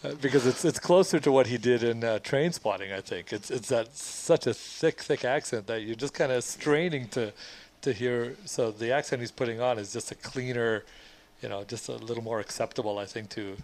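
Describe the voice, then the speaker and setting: A man's voice: medium pitch, normal speed, hardly any pauses, a little mellow, slight background noise. A man, the film's director, giving rambling commentary full of restarts. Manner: rambling, with many restarts and fillers. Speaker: film director. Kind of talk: film commentary.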